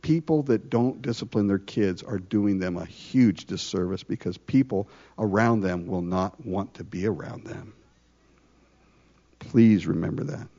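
A man preaching a conversational sermon, full of rhetorical questions and lively asides. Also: fairly low pitch, muffled recording. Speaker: pastor.

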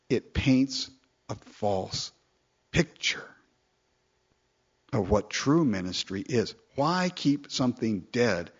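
A man preaching a sermon in a conversational, animated way, often chatting with listeners as he goes. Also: slightly rough, dull audio. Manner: conversational, animated, mimics people in falsetto quotes.

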